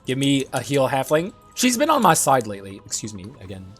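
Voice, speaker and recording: A young man giving casual gameplay commentary, excitable and swearing often, clearing his dry throat now and then. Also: medium pitch, fairly quick, faint music behind. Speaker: gaming YouTuber.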